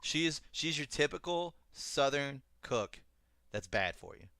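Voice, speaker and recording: A man's voice: fairly high pitch, takes it slowly, gravelly, no room sound, clean studio sound. A young man from the US South co-hosting a casual podcast, talking bluntly with plenty of profanity. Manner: blunt, profane, animated ranting. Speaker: podcast co-host.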